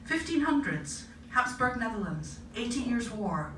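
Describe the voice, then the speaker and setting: A woman putting on the voice of a matter-of-fact, know-it-all Dutch man, brisk and lecturing, in an echoey live room. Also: a little high, very animated, voice pushed up. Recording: echoey live room, distant mic, noisy.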